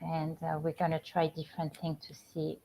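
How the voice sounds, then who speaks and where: A middle-aged woman with a French accent, a spiritual coach hosting a casual live stream from home, talking gently with many halting restarts. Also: deep voice, monotone, gravelly, slight background noise. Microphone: computer or phone camera on a live stream. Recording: slightly dull lo-fi stream audio.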